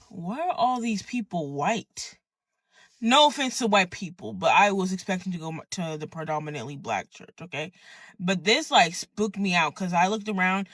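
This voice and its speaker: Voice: medium pitch, fairly bright tone, dry recording. Candid rambling storyteller, dry close sound. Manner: candid, rambling, peppered with "bro" and swearing. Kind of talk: casual storytime monologue.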